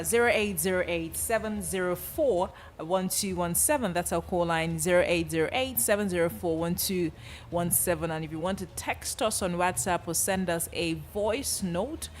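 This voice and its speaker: Lower-voiced woman hosting radio. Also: a little hiss or hum. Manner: brisk, reads out numbers plainly. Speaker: radio host. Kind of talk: radio talk show hosting.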